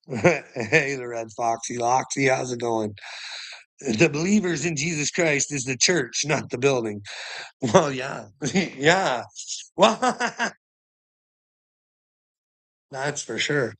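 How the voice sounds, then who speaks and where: Profane, bright-voiced man ranting. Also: mid-range voice, lively intonation, takes it slowly, pauses often. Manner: profane, laughing, emphatic. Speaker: livestreamer. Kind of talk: rambling livestream monologue.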